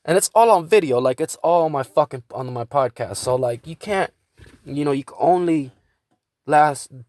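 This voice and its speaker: A man's voice: mid-range voice, expressive, moderate pace, darkish tone, no room sound. A man hosting his own podcast, venting in a casual monologue with a lot of swearing and stumbling restarts. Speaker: podcast host.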